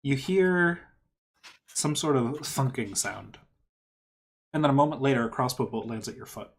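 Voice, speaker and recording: A game master calmly narrating a tabletop game, describing the scene in a matter-of-fact way. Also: medium pitch, moderate pace.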